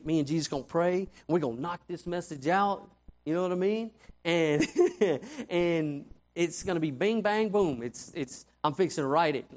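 Animated preacher man. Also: fairly high pitch. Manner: animated storytelling, frequent "right?" asides. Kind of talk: conversational sermon.

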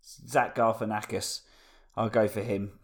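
A man's voice: fairly low pitch, little pitch movement, a little slow. Dry teasing man running the show. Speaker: podcast co-host. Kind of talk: casual banter among friends.

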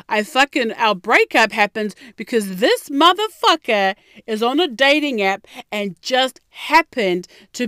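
A woman's voice: mid-range voice, fairly bright tone, clear, resonant tone, dry recording, clean studio sound. A young woman telling a personal story in a blunt, sassy way, swearing heavily as she talks straight to her viewers. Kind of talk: candid storytelling monologue.

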